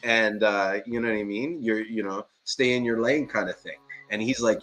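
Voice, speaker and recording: A man in casual live-stream chat, telling a story in an animated, profane way and laughing often. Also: mid-range voice, a little fast, hardly any pauses.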